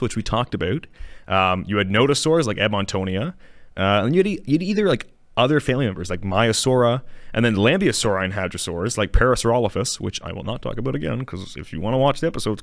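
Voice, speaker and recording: Low-voiced man chatting about dinosaurs. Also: expressive, fast, gravelly, no echo, clean studio sound. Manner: rambling, self-correcting, chuckling. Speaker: show host. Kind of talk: casual educational talk on dinosaurs. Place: small studio.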